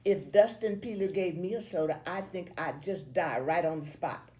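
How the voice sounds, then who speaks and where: A woman voicing a group of starstruck middle-school girls, high and gushing. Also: moderate pace, darkish tone, lightly acted.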